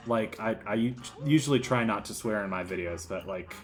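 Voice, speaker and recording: A man's voice: fairly low pitch, brisk, few pauses, over music. A man giving casual gameplay commentary as a let's player, rambling and joking, with silly voices thrown in.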